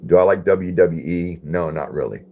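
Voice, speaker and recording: A man's voice: deep voice, normal speed, lo-fi sound. A man hosting a casual live stream, reading viewer comments aloud, repeating phrases and puzzling over them.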